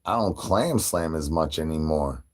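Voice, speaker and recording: A very deep, animated voice delivers this absurd comedic livestream rant, a little on the slow side. The host plays a brain-hungry zombie who rambles in rhyming slang.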